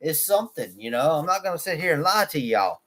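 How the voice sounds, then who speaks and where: Casual male vlogger, lawn care owner, light and raised in pitch, loose and goofy, quick to say he's kidding. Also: big pitch swings, sharp tone, slight background noise. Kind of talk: casual rambling vlog talk.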